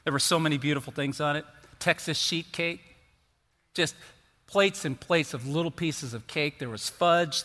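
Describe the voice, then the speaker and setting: A fifty-something male pastor preaches with a bright, forceful voice that rides a little high. His storytelling is animated and playful, and the sound carries a long hall reverb. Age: 50s. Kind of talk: sermon. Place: church sanctuary.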